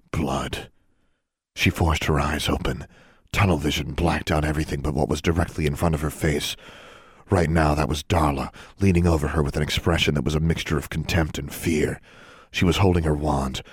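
A narrator with a deep, husky voice reads a fantasy audiobook, keeping his delivery steady and measured. The sound is dry and close-miked, with no echo or room ambience.

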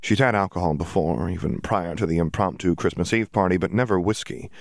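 Low-voiced male audiobook narrator. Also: a little fast, no echo, clean studio sound. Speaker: audiobook reader. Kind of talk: scripted narration.

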